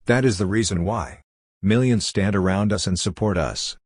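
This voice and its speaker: A man voicing a calm, steady prisoner awaiting execution, who speaks in even, reassuring tones. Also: on the low side, normal speed, husky, no echo, studio quality. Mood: calm reassurance.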